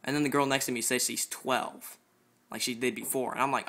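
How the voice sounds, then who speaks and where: A man's voice: medium pitch, fairly even intonation, fairly quick, pushed and bright. A young man telling a story in a casual, ranting way, swearing and sounding exasperated.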